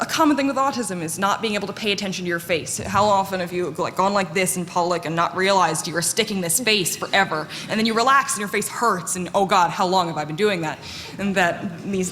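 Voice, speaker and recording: A woman giving a live conference talk in a fairly monotone, candid and self-deprecating way, with plenty of fillers. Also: lowish voice. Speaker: conference speaker. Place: conference hall. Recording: echoey hall with faint noise.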